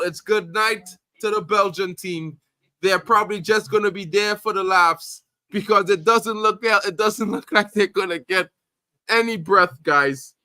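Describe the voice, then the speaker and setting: Guy on a chill stream, high voice, super bright, lots of bro. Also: dry recording. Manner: animated, slangy, says bro a lot. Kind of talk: casual live commentary.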